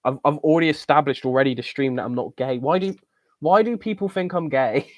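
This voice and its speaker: A man's voice: mid-range voice, fairly quick, dry recording. A young man from the UK hosting a casual live-stream Q&A, rambling with lots of ums and joking bluntly. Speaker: channel host answering viewer questions.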